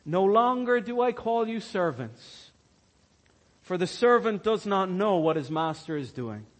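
A pastor preaching a sermon in a church, swinging from hushed, slow words to loud, soaring ones. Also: male voice, high-pitched, lively intonation.

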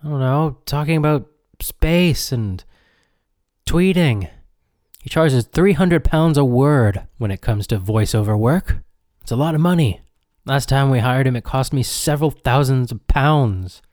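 A man's voice: medium pitch, animated, a little slow, darkish tone, dry recording, studio quality. A man hosting a radio show, rambling and self-deprecating in comic banter with his listeners. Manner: self-deprecating, chatty, talks to the audience.

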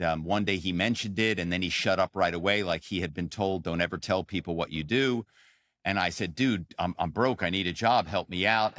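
Low-voiced man telling his story. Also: no echo, studio quality. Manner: animated storyteller, frequent "um" and "you know". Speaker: podcast guest, author and former corporate spy. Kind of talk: conversational interview storytelling.

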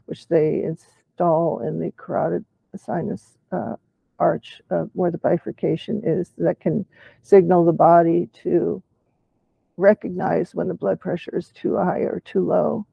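A man talks in a casual chat with a husky, gravelly voice that comes from vocal cords which no longer close properly. He stops and restarts often, choosing careful clinical words. The sound is dry and dull, like a lo-fi recording. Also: a little high, flat delivery, no echo. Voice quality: weak, poorly closing vocal cords. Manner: halting, with restarts and clinical terms. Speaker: participant in a patient discussion.

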